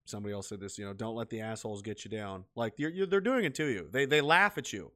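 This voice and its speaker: A man's voice: fairly low pitch, animated, fast talker, bright, forceful tone. Profane ranting man. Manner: profane, repetitive, bitter and heated. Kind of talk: ranting solo monologue.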